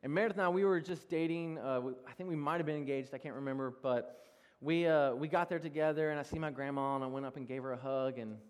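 Animated young pastor in a reverberant church. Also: male voice, fairly high pitch, fast talker, smooth. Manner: animated, self-deprecating storytelling with laughs. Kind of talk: sermon with personal stories. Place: large church hall. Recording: long reverb of a church hall.

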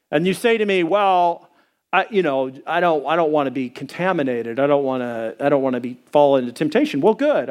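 A middle-aged pastor preaches a sermon, telling stories conversationally with plenty of fillers and hesitations. When he quotes people, he acts out their voices in a higher pitch.

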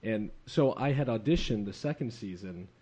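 A man's voice: on the low side, animated, normal speed, mellow, slight background noise. A man comedian on a podcast, telling a story in a dry, wry way. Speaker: comedian guest. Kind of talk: casual podcast chat.

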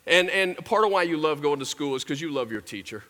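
A man's voice: a little high, expressive, brisk, pushed and bright. A man preaching a sermon in a church, telling stories and talking straight to the congregation. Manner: storytelling, talks straight to the congregation. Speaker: pastor. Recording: echoey large hall.

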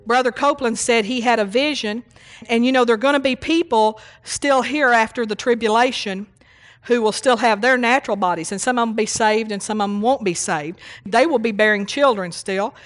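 A woman's voice: fairly high pitch, brisk. A woman preaching a sermon, reading scripture and teaching with emphatic repetition and call-outs to the congregation.

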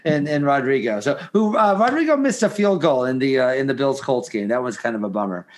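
A middle-aged man in casual sports chat, animated and full of restarts. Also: medium pitch, fairly quick. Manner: animated, many restarts and fillers. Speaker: podcast co-host.

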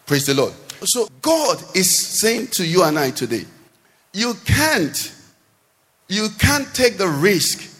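A man preaching a sermon in a church, with animated, sing-song delivery that swings between loud and soft. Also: high voice. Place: church hall. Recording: long hall reverb.

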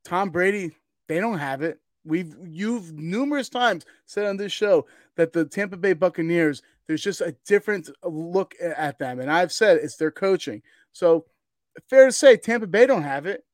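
Excitable man arguing sports, higher voice. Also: normal speed, no echo, clean studio sound. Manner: excitable, argumentative, stammering restarts. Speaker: podcast co-host. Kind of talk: casual sports chat.

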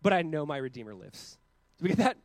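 A man in his thirties preaching a sermon as a pastor, earnest, with loud emphatic peaks and quiet, slowed passages. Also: fairly high pitch, big pitch swings, no echo, poor audio.

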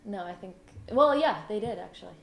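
A woman's voice: medium pitch, expressive, fairly quick, creaky, a bit bright, a little hiss or hum. A young woman co-hosting a podcast, giving short matter-of-fact answers in casual chat. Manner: brief, matter-of-fact replies. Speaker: podcast co-host.

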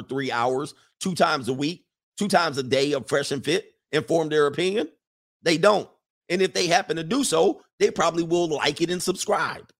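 A man's voice: a little high, gravelly, a bit bright. A man hosting a casual livestream, talking emphatically with many fillers and restarts and reading chat comments aloud.

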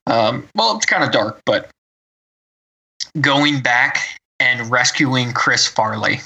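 A man with a very bright voice chats casually on a podcast. He rambles, trailing off and restarting his thoughts as he goes. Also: medium pitch, lively intonation, takes it slowly, vocal fry, slightly rough, poor audio. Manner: rambling, full of fillers and restarts. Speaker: podcast co-host. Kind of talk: casual chat.

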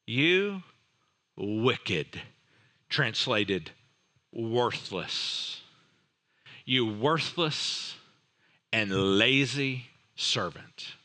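A man's voice: fairly low pitch, sharp tone. A man preaching a sermon, retelling a parable dramatically with rhetorical questions and voiced characters. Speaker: pastor.

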